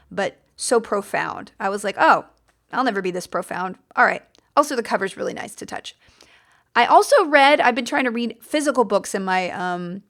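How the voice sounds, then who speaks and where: A woman's voice: mid-range voice, fairly bright tone. An American woman hosting a podcast, talking casually and enthusiastically, rambling a little with fillers and restarts as she goes. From United States. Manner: chatty and enthusiastic, rambling with fillers and self-corrections. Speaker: podcast host. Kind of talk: casual book-recommendation chat.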